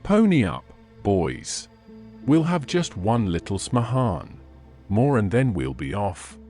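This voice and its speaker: A man's voice: fairly low pitch, huge pitch swings, slow, mellow, soft background music, heavily acted. A man voicing a hearty, coaxing drinker urging his friends to one more round. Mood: jovial.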